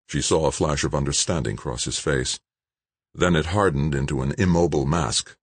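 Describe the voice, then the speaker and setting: A man narrating a novel in a measured, expressive reading. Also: rumbling low, breathy edge, no echo. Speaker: audiobook narrator. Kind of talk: scripted narration.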